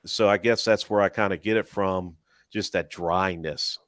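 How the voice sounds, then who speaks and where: A man's voice: deep voice, steady tone, normal speed, a bit bright, no room sound. A man co-hosting a live panel chat, telling stories in a dry, rambling way and laughing between lines. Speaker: YouTuber and live panel co-host. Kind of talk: casual chat.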